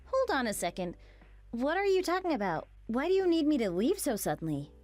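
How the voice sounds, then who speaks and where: A woman plays a puzzled young roommate who stays calm and reasonable while asking questions. Her slightly high voice has a lively pitch. She is a character in a storybook text-message drama. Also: fairly quick, soft background music.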